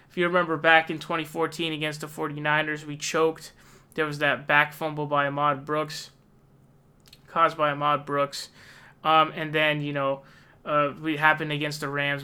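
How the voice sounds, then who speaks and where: A man's voice: fairly high pitch, sharp tone, clear, resonant tone. A young man ranting angrily about his team's losses in a casual, profane, exasperated way. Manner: frustrated, profane, exasperated outbursts. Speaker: sports fan ranting. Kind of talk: angry casual rant.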